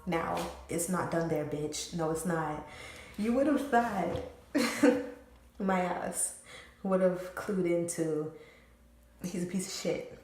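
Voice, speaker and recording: A woman's voice: on the low side, takes it slowly, pauses often, a little mellow. Candid woman storyteller in a very echoey room. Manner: candid, rambling, profane, lots of fillers. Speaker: storytime vlogger. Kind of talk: casual storytelling.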